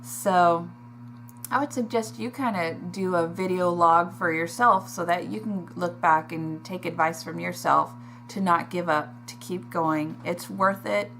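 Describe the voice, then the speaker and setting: A woman talking in a personal video diary, emotional and halting, pausing and sighing as she speaks. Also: lowish voice, a bit bright, faint music behind. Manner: emotional, halting, with sighs and restarts. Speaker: vlogger.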